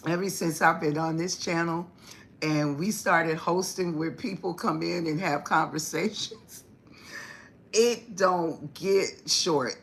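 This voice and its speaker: Slow, laughing, profane spiritual reader. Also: medium pitch, a bit bright, a little hiss or hum. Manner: profane, laughs often, teasing; affectionate address, calls viewers baby and honey. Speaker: spiritual reader and channel host. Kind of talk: casual livestream chat with viewers.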